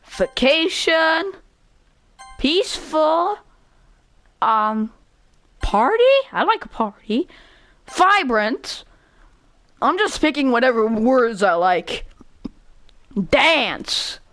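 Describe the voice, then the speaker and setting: An excitable woman streamer talks through a game in casual, loose commentary, with a voice pitched a little high. She swears freely and laughs often, and the sound is dry and close to the mic. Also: very slow, pauses often, no echo.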